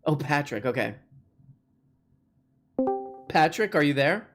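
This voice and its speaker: A host chatting casually on a livestream, joking and rambling with quick asides. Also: medium pitch, expressive, over music. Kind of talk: casual live-stream chat.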